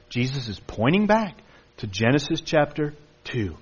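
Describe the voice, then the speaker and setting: A man's voice: sing-song, moderate pace, slightly rough. Man preaching emphatically, dull sound. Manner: emphatic preaching, mimics excuses in a high voice. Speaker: pastor. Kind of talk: sermon.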